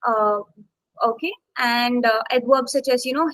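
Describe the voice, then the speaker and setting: A woman's voice: on the high side, a little slow, a bit bright, dry recording, rough recording. A woman instructor teaching a live online exam-prep class, checking in often with "okay" and "got it" and stressing key words as she explains.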